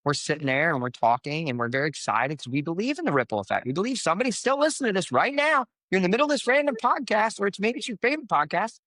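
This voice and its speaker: A man's voice: high-pitched, expressive, rapid-fire, few pauses, fairly bright tone, dry recording. A man, a coach, speaking as a podcast guest, telling stories and giving life advice in an earnest, motivational way. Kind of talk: conversational podcast interview.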